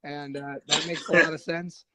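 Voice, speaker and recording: A man guest on a podcast telling a war story casually, animated and profane, acting out what others said. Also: on the high side, moderate pace, a loud crowd, rough recording. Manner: animated, profane, acts out quoted voices.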